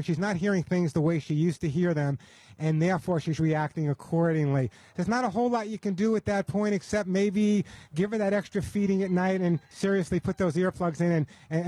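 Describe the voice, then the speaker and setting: Chatty radio host guy, high-pitched, folksy, dry close mic. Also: mellow, dry recording. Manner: chatty, repeats words, folksy. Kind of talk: radio call-in advice.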